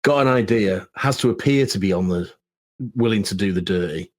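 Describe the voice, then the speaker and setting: A low-voiced male podcast co-host talking over a TV show in casual conversation. He is thoughtful and measured, and he builds his points in long trailing phrases. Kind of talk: casual film discussion.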